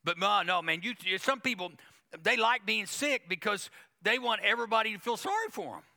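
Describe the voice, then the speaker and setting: Male pastor, sermon delivery, gravelly edge, emphatic and repetitive. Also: high-pitched, very animated, brisk, pushed and bright. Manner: emphatic preaching with quoted asides and repetition.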